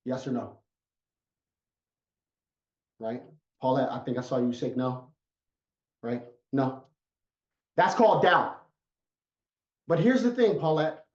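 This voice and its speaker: A man's voice: medium pitch, darkish tone. Emphatic male motivational coach on a video call, muffled and roomy. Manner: emphatic, repetitive storytelling. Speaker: life coach. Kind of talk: motivational talk. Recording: echoey, muffled sound.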